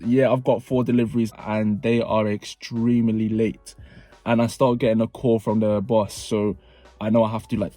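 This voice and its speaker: A young man tells a story straight to camera in a relaxed, chatty way. He gets animated and repeats phrases for emphasis, with his voice at an ordinary mid pitch. Soft music plays faintly underneath. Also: no room sound. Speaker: vlogger. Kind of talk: casual storytime narration.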